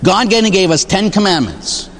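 A man's voice: sits high, normal speed. A man who is a Catholic priest, preaching a sermon in a church with jokes and rhetorical questions. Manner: animated, joking, full of rhetorical questions. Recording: long reverb of a large hall.

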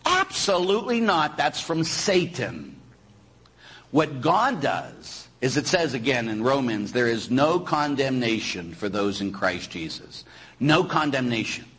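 A man, a priest, preaching a sermon in an animated way, full of rhetorical questions and quick asides. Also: mid-range voice, husky, poor audio. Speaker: Catholic priest.

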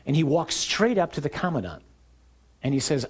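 A man preaching a sermon, telling the story with energy and acting out shouted lines in the scenes. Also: fairly high pitch, very animated, moderate pace, slightly rough.

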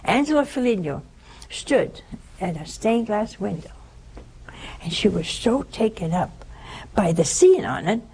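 An older woman gives an informal spiritual talk as a religious teacher, telling a story and acting out its characters with animated quoted speech. Her mid-range voice moves a little slowly, with frequent pauses. The rough recording carries a little hiss or hum.

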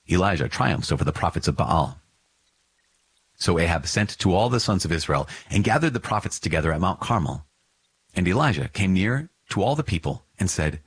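Deep-voiced man reading scripture. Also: big pitch swings, brisk, husky, dry recording. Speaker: scripture reader.

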